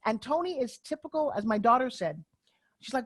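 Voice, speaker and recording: A middle-aged woman speaking as a guest in a podcast interview. She talks with emphatic, energetic drive, pushing her points hard like a motivational speaker. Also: on the high side, a little fast.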